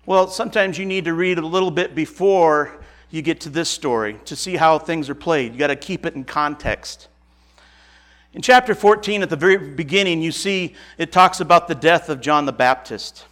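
A man's voice: on the high side, normal speed, fairly bright tone. A man preaching to a congregation, reading scripture aloud and then speaking in an earnest, emphatic and conversational way. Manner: earnest and emphatic, repeats phrases eagerly; casual, conversational asides. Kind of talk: sermon to a congregation.

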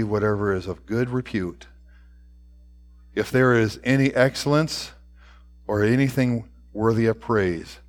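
A man preaching a sermon, reading scripture aloud with slow, deliberate phrasing that trails off softly at the ends. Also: lowish voice.

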